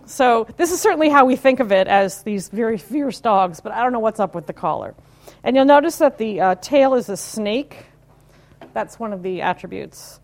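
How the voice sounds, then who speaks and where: This conference speaker, a woman in her fifties from the United States, has a slightly high voice that is expressive and moves at a moderate pace. Her live technical talk is casual and conversational, with dry humor and questions directed at the audience.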